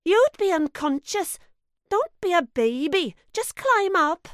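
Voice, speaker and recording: A woman's voice: extremely high pitch, sing-song, no echo, clean studio sound, exaggerated voice. Megan, a bossy young girl. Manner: brisk and commanding.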